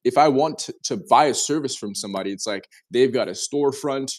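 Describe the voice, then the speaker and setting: A man in his twenties, a guest in a casual interview, telling his story in an animated way and often restarting his sentences. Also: mid-range voice, brisk. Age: 20s.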